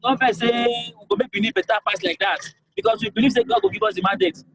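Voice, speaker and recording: A young Nigerian-accented man running for governor answers voters in a call-in interview, high-pitched and fast. He presses his points emphatically, repeating and pleading, over a background crowd on a low-quality recording.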